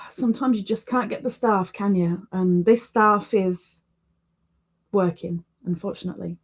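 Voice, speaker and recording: Slow, chatty woman hosting a stream. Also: medium pitch. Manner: chatty, repeats words for emphasis. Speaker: livestream host. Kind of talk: casual livestream chat.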